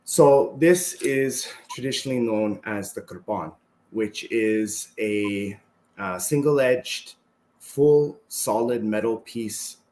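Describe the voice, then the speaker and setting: Slow and fairly low-pitched, this Canadian podcast guest, who teaches martial arts, tells stories in an easygoing, conversational way, habitually adding "right?" to what he says. The space sounds roomy, and there's a little hiss or hum.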